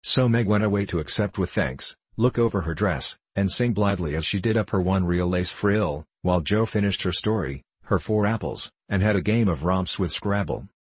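Male narrator, very low and slightly husky, even delivery, dry studio sound. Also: moderate pace, hardly any pauses, no echo. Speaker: audiobook narrator. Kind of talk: scripted narration.

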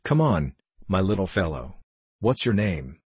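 A man reading aloud, voicing a patient older traveling showman who speaks gently and slowly. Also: low-pitched, sing-song, slightly rough, dry recording, exaggerated voice. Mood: firm.

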